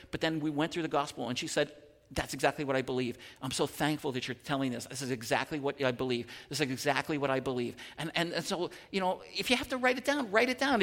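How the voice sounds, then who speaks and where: A man's voice: fairly high pitch, fairly bright tone. A man preaching a sermon as pastor, telling a personal story with lots of restarts and stammered repeats. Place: church sanctuary. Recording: long hall reverb.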